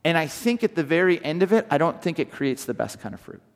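A man from Southern California preaching a sermon, telling stories in an animated way and often restarting his sentences. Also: on the high side, quick pace, big-room sound. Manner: animated storytelling with repeated restarts. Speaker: pastor.

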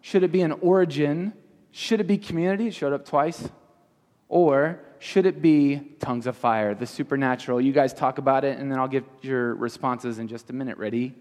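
A medium-pitched, darkish male voice belongs to a youth pastor who teaches by quizzing the crowd with a stream of fast questions. The recording captures the reverberation of a large hall with an audience.

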